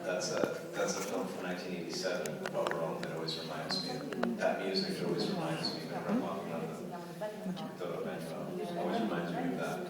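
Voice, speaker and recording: A man's voice: sits low, expressive, quick pace. Canadian man in an echoey convention hall. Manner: chatty, restarts often, playful. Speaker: convention guest actor. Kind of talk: casual Q&A on stage. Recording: echoey hall, distant mic, crowd.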